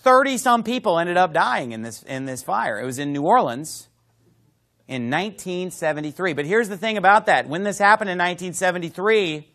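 Lively high-voiced male preacher. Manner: emphatic, lively preaching with asides. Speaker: pastor. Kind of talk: sermon.

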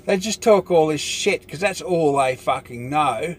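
A man's voice: a little high, unhurried, few pauses, slight background noise. Rambling profane Australian man. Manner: profane, meandering, fills with "you know". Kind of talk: rambling casual monologue.

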